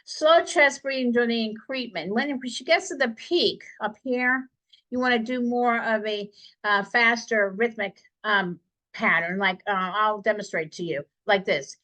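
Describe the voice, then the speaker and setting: A woman's voice: medium pitch, measured pace, sharp tone, poor audio. A woman nursing instructor giving a conversational exam review lecture in a classroom, checking in with the students by asking "okay?" again and again.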